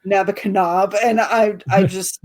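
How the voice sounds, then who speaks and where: A woman's voice: mid-range voice, moderate pace, a little mellow. A woman author chatting casually about her book, laughing often and talking with dry humor. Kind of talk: casual chat.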